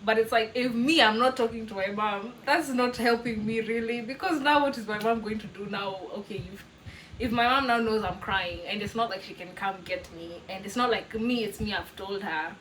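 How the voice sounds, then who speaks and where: A young woman with a Kenyan accent telling a story in a casual vlog, animated, laughing often and slipping in Swahili words. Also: mid-range voice, moderate pace, a little hiss or hum, poor audio. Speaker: vlogger.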